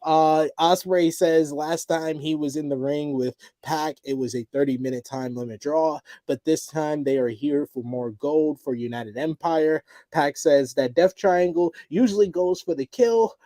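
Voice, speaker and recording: A male podcast co-host walks through the episode in an easygoing recap, chuckling as he goes. His voice sits a little high and sounds dry and close. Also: unhurried, few pauses, mellow, no echo. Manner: laid-back recapping, laughs often. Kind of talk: casual wrestling review recap.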